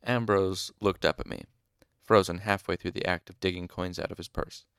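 A man reading a novel aloud in first person, with wry, measured storytelling. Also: low-pitched, fairly even intonation, gravelly, a bit bright, clear, resonant tone, no room sound, clean studio sound. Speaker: audiobook reader.

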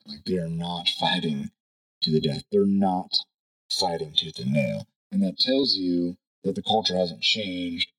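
A man's voice: low-pitched, bright, forceful tone, rough recording. A man talking casually through his views in a rambling monologue, thinking aloud and checking in with "right?" as he goes. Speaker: podcast host.

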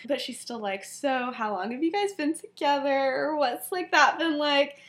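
Young woman co-host, high and very lively, giggly casual storyteller. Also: unhurried. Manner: giggly, filler-heavy, acts out quoted lines. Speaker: podcast co-host.

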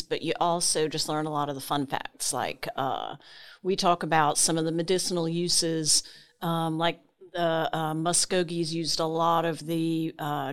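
A woman from South Louisiana in her forties with a smooth, clear voice, pitched a little low. She speaks as a guest, informative and easygoing. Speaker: guest, tree organization director. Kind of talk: casual interview talk.

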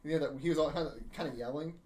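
A young man on a podcast telling a story in casual chat, animated, swearing freely and laughing through it. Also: fairly high pitch, rapid-fire. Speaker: podcast co-host.

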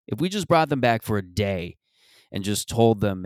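A man's voice: medium pitch, lively intonation, normal speed, a little mellow, dry recording. A man hosting a podcast, rambling and riffing profanely through a casual comedic monologue on a close mic.

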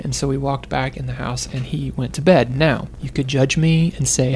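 A man's voice: mid-range voice, fairly even intonation, a little fast, vocal fry, few pauses, slight background noise. A man telling a parenting story, acting out quotes and often laughing, in a casual conversation. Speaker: parent sharing advice. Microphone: close to the microphone.

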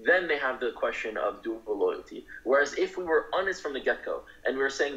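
A man's voice: medium pitch, lively intonation, a little fast, few pauses, fairly bright tone, lo-fi sound. A young man speaking in a casual, earnest, argumentative monologue, with frequent fillers and restarts. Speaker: speaker on culture.

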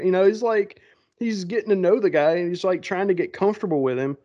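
Higher-voiced man with dull lo-fi sound. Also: animated, brisk, warm tone. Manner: laughs often, reads from his notes. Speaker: podcast co-host. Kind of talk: casual film recap chat.

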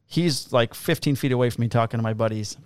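A man's voice: medium pitch, fast, smooth, no room sound. A man, a police officer, casually telling profane, laughing stories about his shifts. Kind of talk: casual storytelling on a podcast.

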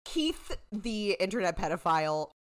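A woman's voice: mid-range voice, big pitch swings, normal speed, smooth. A woman co-hosting a podcast, chatting casually with lots of filler words and some swearing. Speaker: podcast co-host. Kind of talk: casual chat.

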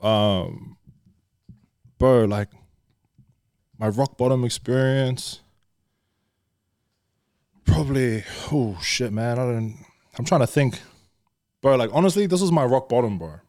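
A man's voice: mid-range voice, takes it slowly, pauses often, a little mellow, no room sound, clean studio sound. A young man, candidly telling stories from his life as a podcast guest, swearing freely and calling everyone bro. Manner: swears a lot, says bro constantly. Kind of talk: candid casual storytelling.

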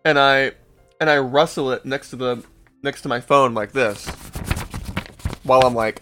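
A young man on a podcast, spinning a rambling story in a relaxed, swear-heavy way at a middle pitch. He chuckles at his own story as he goes, with faint music playing behind him. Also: moderate pace, pauses often. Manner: laid-back, swears often, laughs at his own story. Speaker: podcast host. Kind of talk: casual storytelling to co-hosts.

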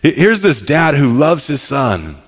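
A male pastor in his thirties delivers a sermon in a relaxed, conversational way, often stumbling and repeating words as he restarts. His voice sits a little high and swings widely in pitch. The sound carries a long echo from a large hall. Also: unhurried. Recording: echoey hall.

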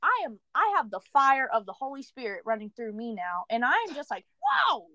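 A young woman co-hosting a podcast, telling a story in animated casual chat full of "like" fillers. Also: on the high side, fairly quick, highs cut off. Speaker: podcast co-host.

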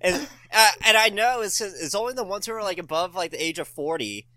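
A man's voice: high voice, lively intonation, a little fast, sharp tone, dry recording. Crude ranting man, dry close sound. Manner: crude, ranting, laughs often. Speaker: podcast guest. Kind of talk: casual podcast chat.

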